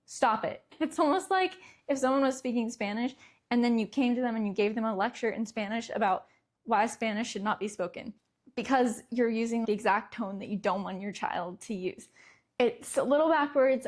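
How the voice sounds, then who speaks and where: Chatty young woman, slightly high voice. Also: normal speed. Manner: conversational, laughs lightly mid-sentence. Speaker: parenting podcast host. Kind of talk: casual solo talk.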